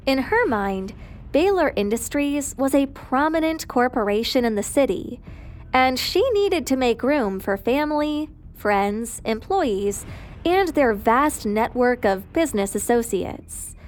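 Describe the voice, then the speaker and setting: A woman narrating a dramatic family story in a scripted, even storytelling delivery. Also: sits high, a little slow.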